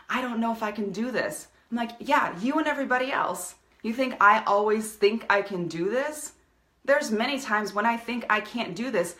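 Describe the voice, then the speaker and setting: Speaking as a coach to her live-stream audience, a woman delivers an impassioned pep talk. Her voice sits at medium pitch with a fairly bright tone, and the recording is reverberant.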